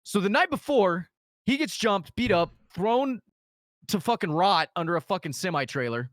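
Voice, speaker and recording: Man, crude animated storyteller, lively higher voice, dry sound. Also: normal speed, no echo. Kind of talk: casual storytelling chat.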